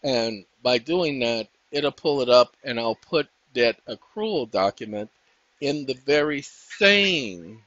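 A man hosting his own channel, talking viewers through a casual tutorial in a folksy, preachy way, often calling them ladies and gentlemen. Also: mid-range voice, lively intonation, slow pace, no echo. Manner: breaks off to talk to his dogs. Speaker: channel host. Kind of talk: casual screen-share tutorial. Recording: dull dry lo-fi sound.

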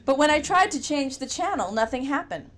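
A woman narrates a first-person audiobook of a novel, telling the story in a wry, conversational manner. Her voice is high-pitched, animated, and fairly bright, and she reads a little fast.

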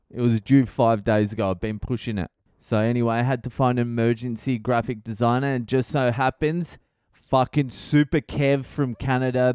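Brief: middle-aged Australian male comedian, rowdy foul-mouthed rant, smooth voice, close dry mic. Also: mid-range voice, no echo. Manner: profane, rowdy, animated rant. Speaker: podcast host, comedian. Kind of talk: casual comedic monologue.

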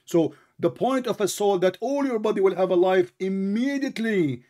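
A man's voice: high voice, animated, normal speed, hardly any pauses, warm tone. A man hosting a heated religious debate, pressing and mocking his opponent and repeating words for effect. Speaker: debate host.

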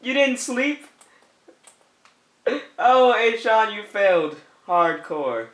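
A gameplay commentator with a high-pitched, animated, fairly bright voice talks at a slow pace, the sound roomy. His let's-play commentary is playful, teasing the other players and often breaking into laughter and goofy repeated calls.

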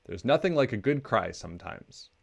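A man voicing a mother bear from a storybook, overwhelmed and hurried. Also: medium pitch, lively intonation, creaky, slightly rough. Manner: rushed, stressed.

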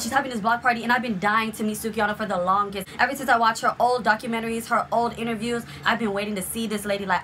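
Excitable fast-talking young woman. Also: on the high side, a little hiss or hum. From South Florida. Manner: excitable, slangy, gushing storytelling. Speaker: vlogger. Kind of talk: storytime vlog.

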